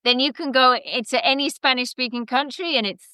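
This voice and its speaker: London lady on a podcast, middle-aged, bright clear voice, thinks out loud, bone dry sound. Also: sits high, brisk, dry recording. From England. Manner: reflective, chatty, with restarts. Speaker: guest, education center founder. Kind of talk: casual podcast interview.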